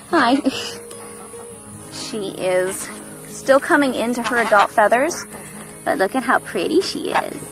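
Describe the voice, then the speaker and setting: A woman's voice: a little slow, music in the background, rough recording. A woman giving a casual farm tour, chatting about her animals outdoors. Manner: chatty, cooing at animals in a high baby voice. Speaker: farm vlogger.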